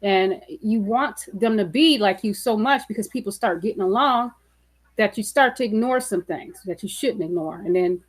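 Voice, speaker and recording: Woman with a steady, explaining manner. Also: mid-range voice, moderate pace. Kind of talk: casual panel chat.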